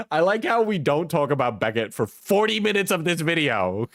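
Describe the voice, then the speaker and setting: A man's voice: on the high side, fairly bright tone, no echo. Profane, rambling streamer man, dry sound. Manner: rambling, profane, laughs often. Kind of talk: casual live-stream commentary.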